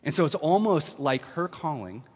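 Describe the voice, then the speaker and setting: A man preaching a casual sermon as a pastor, chatty and upbeat with fillers and restarts, dropping to a hush when he prays. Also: on the high side, big pitch swings, normal speed. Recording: long hall reverb.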